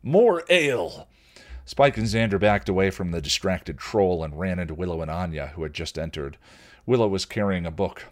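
A man who hosts a podcast, reading his novel aloud in an expressive, lively manner. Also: sits low, brisk.

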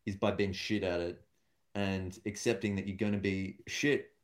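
A man's voice: low voice, steady tone, normal speed. A man, a stand-up comedian and guest, talking casually and thoughtfully in an interview, with many fillers and restarts.

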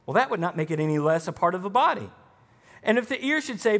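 A man's voice: sits high, animated, fast talker, a bit bright. A man preaching a sermon as pastor, emphatic, with punchy rising lines. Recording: long hall reverb.

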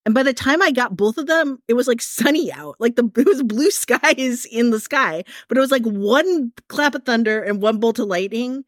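A woman raised in Michigan chats on a podcast, rambling through stories with plenty of fillers and laughs. Her voice sits fairly high. The sound is dry and close, with no room around it. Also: expressive, normal speed, hardly any pauses, no echo. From American Midwest, Michigan. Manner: rambling storyteller, many fillers, laughs often. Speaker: podcast co-host. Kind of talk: casual chat.

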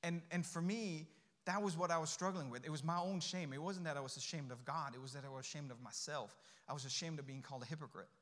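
A middle-aged guest speaker delivers a sermon in a church sanctuary, his voice fast, a bit bright and on the high side. He tells a personal story conversationally, acting out the dialogue, while long hall reverb fills the recording.

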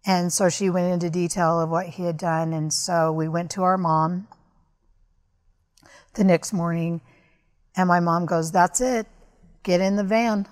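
A woman's voice: fairly low pitch, level tone, measured pace, pauses often. A woman guest on a podcast, candidly and earnestly recounting a personal story.

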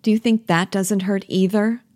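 A woman's voice: medium pitch, steady tone, moderate pace, darkish tone, no room sound, pitched above the performer's own voice, natural voice. A woman reading the part of a bitter, jealous young wife who pleads with her lover and mocks her husband. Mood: pleading. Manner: reproachful, cutting, pleading. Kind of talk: play reading.

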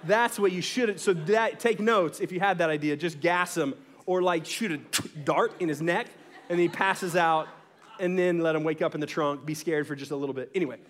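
A male pastor giving a sermon, telling a story in an animated way, often tossing in "right?" and laughing as he goes. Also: on the high side, normal speed.

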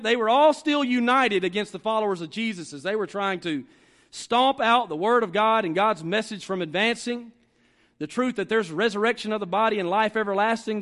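A man preaching a sermon as pastor, emphatic, repeating phrases and slowing down to stress his points. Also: high-pitched, fairly bright tone. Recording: long reverb of a large hall.

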